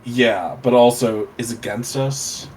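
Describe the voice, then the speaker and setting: A man's voice: medium pitch, fairly even intonation, slow pace, a little mellow, slight background noise. A man co-hosting a let's play, casual, profane and joking as he plays. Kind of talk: casual gameplay commentary.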